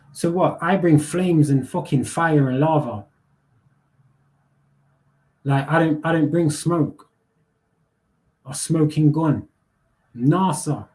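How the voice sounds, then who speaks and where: A man's voice: fairly high pitch, slow pace, long pauses, darkish tone. A young man, hosting a live panel and ranting bluntly with heavy swearing, street slang and repeated words. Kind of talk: casual rant.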